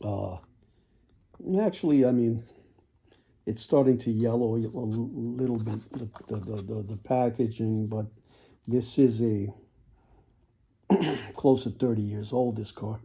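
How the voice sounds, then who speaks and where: A man selling toy cars in a casual video, with folksy sales patter, repeated words and frequent throat clearing. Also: on the low side, takes it slowly, long pauses, dark tone. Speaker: toy car seller.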